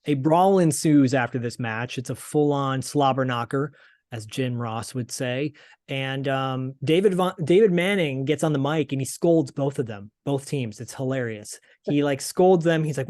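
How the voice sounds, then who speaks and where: A man's voice: medium pitch, normal speed, darkish tone, no echo. A man hosting a podcast, casually recapping with frequent fillers and restarts. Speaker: podcast host. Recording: dry close podcast sound.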